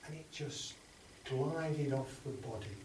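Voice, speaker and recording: Slow English storyteller in a roomy hall. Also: male voice, mid-range voice, darkish tone. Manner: dramatic, dropping to whispers and rising for effect. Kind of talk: oral folk tale telling. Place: storytelling event. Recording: roomy sound from far off with background noise.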